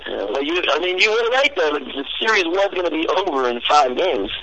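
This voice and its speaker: A man's voice: a little high, a little fast, slight background noise. Teasing man on a tinny phone line. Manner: relaxed, teasing, rambling analysis. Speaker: caller, sports fan. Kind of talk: casual sports chat.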